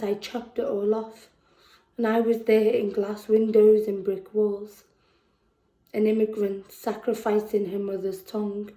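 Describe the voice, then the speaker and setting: A woman with a Scouse accent performing spoken word poetry at a festival, slow and measured, dropping to a hush on heavy lines. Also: fairly high pitch, roomy sound, rough recording. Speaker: poet. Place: festival venue indoors.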